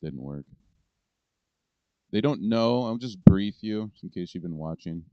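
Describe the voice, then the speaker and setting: A deep, smooth-voiced man rants about politics in a rambling, indignant way, cursing as he goes. His voice is close and dry, and the sound is a little dull and lo-fi. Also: animated, a little slow, no echo. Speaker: political commentary host. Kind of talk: casual ranting commentary.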